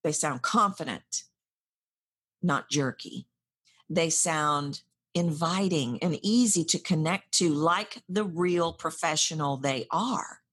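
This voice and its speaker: A woman voice coach speaking directly to the listener, animated, acting out her clients' anxious inner voices. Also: sits low, takes it slowly, slightly rough. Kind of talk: direct-address coaching talk.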